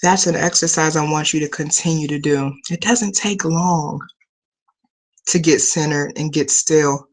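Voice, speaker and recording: A woman with a slightly low voice leads a live spiritual talk over a webcam. She speaks slowly and deliberately, leaning on key words. Her delivery is firm and coaching as she guides breathing and spoken affirmations. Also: fairly even intonation. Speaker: spiritual teacher and host. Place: home room lined with bookshelves.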